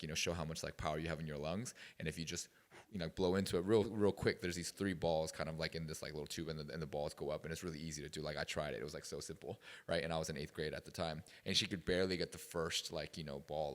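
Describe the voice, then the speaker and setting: Very deep-voiced fast-talking man. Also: in a large hall. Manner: rambling, storytelling, many fillers. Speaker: guest speaker at youth retreat. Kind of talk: casual talk to a youth group. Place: retreat meeting room.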